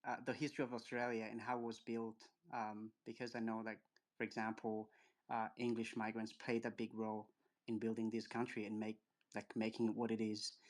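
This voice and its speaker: A man's voice: fairly low pitch, completely flat delivery, fairly quick. A man from Africa talking in a group voice chat, hesitant and full of fillers. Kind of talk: casual chat.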